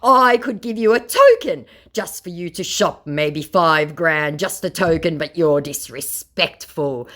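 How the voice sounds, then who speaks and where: A woman reading out a rude male online scammer's messages in a slow, drawn-out mocking voice. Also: on the low side, a bit bright, pitched above the performer's own voice. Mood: sneering.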